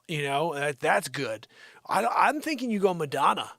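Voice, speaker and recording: A man's voice: a little high, sing-song, moderate pace, fairly bright tone, dry recording, studio quality. Man riffing as a livestream comedy host. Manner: rambling, teasing an unseen sidekick, lots of "you know". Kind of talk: improvised comedic rant.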